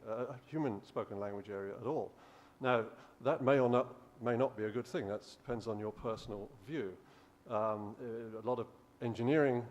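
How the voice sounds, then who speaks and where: A man's voice: mid-range voice, darkish tone. A male professor giving a conference lecture, explaining steadily with frequent restarts. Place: conference hall.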